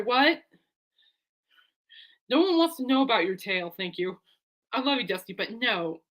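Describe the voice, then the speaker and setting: Bright-voiced woman chatting to camera. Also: a little high. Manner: rambling and heartfelt, talks aside to her dog. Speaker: vlogger and fan. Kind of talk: casual chat to camera.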